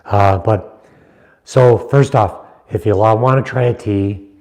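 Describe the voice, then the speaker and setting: A man's voice: lowish voice, takes it slowly, a little mellow. A middle-aged man chatting casually and rambling with viewers on a livestream, teasing them. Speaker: livestream host, knife maker. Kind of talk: casual live chat with viewers.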